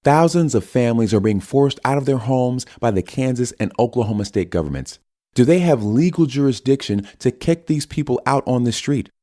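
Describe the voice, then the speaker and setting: A man voicing a polished female cable news anchor in a bright, upbeat broadcaster tone. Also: medium pitch, expressive, normal speed, no echo, studio quality, voice pushed up, natural voice.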